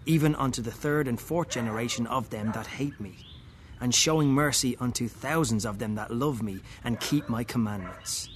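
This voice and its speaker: A man reading a first-person story aloud, slow and wry, with muttered, dry asides. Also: medium pitch, slight background noise.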